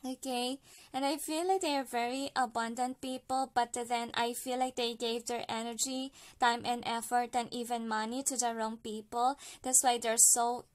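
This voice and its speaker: A woman from the Philippines talks through a card reading in a relaxed, chatty way. Her voice sits a little high. She leans on fillers and tags her points with a quick "okay?". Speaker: card reader. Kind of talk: casual spoken card reading.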